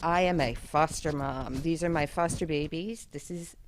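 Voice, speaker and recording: A woman's voice: low-pitched, moderate pace, background noise. A woman volunteer answering interview questions about her dog rescue work in an earnest, grateful way.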